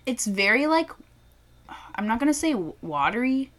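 A woman's voice: fairly high pitch, very animated, moderate pace, fairly bright tone. A young woman in casual chat while tasting beer, swearing freely and acting out what people said. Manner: chatty, swears freely, acts out quotes. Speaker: co-host.

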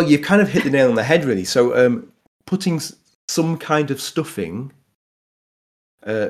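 A man from Yorkshire with a Yorkshire accent, chatting casually about food history, laughing often and restarting his sentences. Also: medium pitch. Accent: Yorkshire English. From Yorkshire, England. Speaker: guest explaining food history. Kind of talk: casual conversational explanation.

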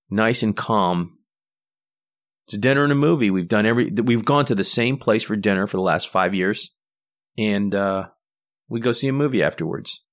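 A man hosting a podcast, telling rambling personal anecdotes in a casual solo monologue and often restarting his sentences. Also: on the low side. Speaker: podcast host.

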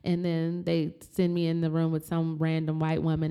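A woman's voice: sits low, moderate pace, hardly any pauses, clear, resonant tone. A woman telling a family story in casual chat, acting out heated quotes and swearing freely. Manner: animated, swears, acts out shouted quotes.

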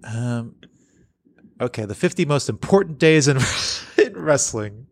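A man's voice: mid-range voice, lively intonation, a little slow. A man co-hosting a casual podcast, reading comic strips aloud and laughing often. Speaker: podcast co-host. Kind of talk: casual chat.

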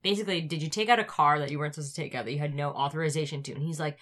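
A woman's voice: deep voice, very fast, a bit bright. A woman co-hosting a casual podcast chat, laughing often and acting out characters' lines. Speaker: podcast co-host.

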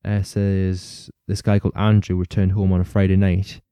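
A man with a low, very dark and mellow voice hosts a casual true-crime podcast. He rambles, laughs often and swears casually. The sound is dry and close, with no room echo. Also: monotone, normal speed, clear, resonant tone. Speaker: podcast host.

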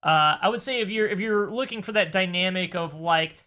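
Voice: medium pitch, a little fast, pushed and bright. A podcast co-host in casual chat, rambling and hesitant with frequent fillers.

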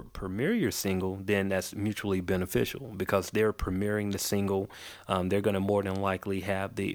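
A man's voice: deep voice, no room sound. A man, hosting a podcast and giving loose, conversational advice full of ums and restarts. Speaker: podcast host. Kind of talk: casual advice talk.

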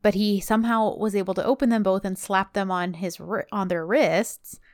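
A woman's voice: mid-range voice, steady tone, normal speed, darkish tone, no echo, studio quality. A woman co-hosting a casual podcast, recapping a TV episode and pointing out plot holes. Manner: chatty storyteller, picks at plot holes. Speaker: podcast co-host recapping a TV series. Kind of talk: casual chat.

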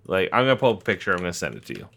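A man co-hosting a comedy podcast, talking in casual, profane banter and laughing often. His voice is bright and ringing, and his pitch swings widely as he tells a story. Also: sing-song, very fast, creaky. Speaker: podcast co-host.

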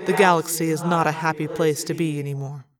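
A reader voicing a bitter, sneering male alien war prince with a gruff, sardonic manner. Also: medium pitch, flat delivery, a little slow, crowd noise, natural voice.

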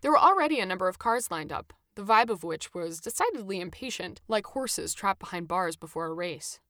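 Animated woman narrating a personal story. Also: lowish voice, brisk, no room sound, studio quality.

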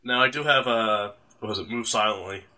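Bright-toned man playing a tabletop game. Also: lowish voice, fairly quick. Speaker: player. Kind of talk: casual tabletop game chat.

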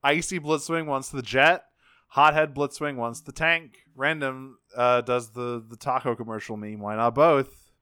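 Guy recapping a cartoon, laughing a lot, smooth voice, dry sound. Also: mid-range voice, a little slow, no room sound. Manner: animated storytelling, laughs often. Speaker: podcast co-host. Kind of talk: casual recap chat.

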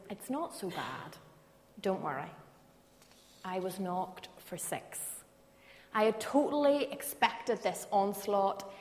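A woman preaches, telling a story in an easy, conversational way. At times her voice sinks to a soft hush. The sound carries a long, roomy echo, as if she were in a large hall. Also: medium pitch. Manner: conversational storytelling, drops to soft hushed tones. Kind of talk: sermon with personal story. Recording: echoey hall.

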